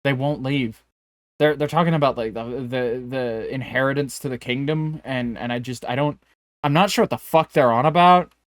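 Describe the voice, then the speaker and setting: A man's voice: medium pitch, normal speed, no room sound, clean studio sound. A man co-hosting a podcast, telling rambling jokey stories with lots of restarts in casual chat. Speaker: podcast co-host.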